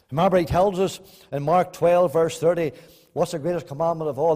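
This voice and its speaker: A man preaching a sermon, swinging between loud emphatic bursts and soft, hushed asides. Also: a little high, fairly even intonation, a little fast. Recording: long reverb in a hall.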